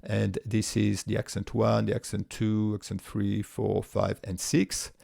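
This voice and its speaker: Gravelly man explaining a spreadsheet tutorial. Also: on the low side, a little slow, no room sound, clean studio sound. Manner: relaxed step-by-step explaining with fillers and restarts. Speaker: tutorial presenter. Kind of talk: screen-recorded software tutorial.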